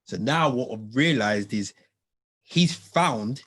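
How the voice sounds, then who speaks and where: Husky, animated man telling a story. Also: mid-range voice, slow pace. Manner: animated, slangy, acts out quotes in lively voices. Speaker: podcast host. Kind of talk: casual storytelling chat.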